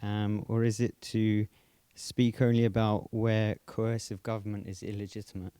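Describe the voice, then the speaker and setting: A man in the audience asking a halting question with many pauses. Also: fairly low pitch, flat delivery, warm tone, clean tone, no echo. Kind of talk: hesitant spoken question.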